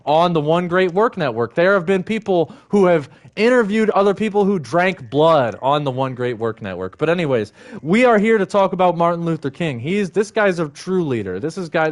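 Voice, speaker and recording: A man rants heatedly into his stream, swearing often and circling back to the same points. His voice sits a little high for a man. He keeps the same worked-up tone throughout. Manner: heated, profane, repetitive. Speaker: livestream host. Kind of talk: angry ranting monologue.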